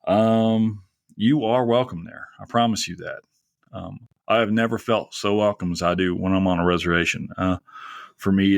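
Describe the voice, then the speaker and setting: A man's voice: lowish voice, dry recording. A man hosting a podcast in a casual, rambling and heartfelt monologue, close to tears. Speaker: podcast host.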